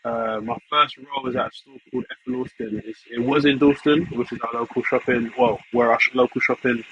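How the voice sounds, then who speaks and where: A man's voice: medium pitch, fairly even intonation, brisk, fairly bright tone, highs cut off. A young man, chatting casually as a podcast guest, laid-back and full of "you know what I mean". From England. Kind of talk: casual chat.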